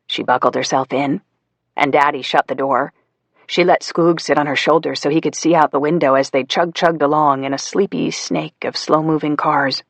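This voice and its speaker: A man narrating a psychological thriller audiobook in a measured storytelling manner, voicing the characters as he goes. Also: a little high, fairly even intonation, vocal fry, a bit bright, no room sound. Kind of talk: scripted narration.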